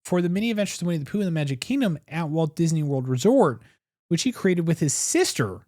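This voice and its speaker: Lively-voiced man co-hosting a podcast. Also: on the high side, quick pace, no room sound, studio quality. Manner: reads scripted history between playful banter. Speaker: podcast co-host. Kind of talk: casual podcast chat with read narration.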